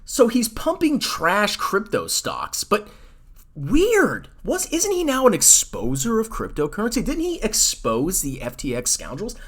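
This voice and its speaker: A man's voice: sits high, huge pitch swings, unhurried, fairly bright tone. A man hosting a personal finance commentary channel, ranting in a sarcastic, mocking and heated way. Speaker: finance YouTuber host.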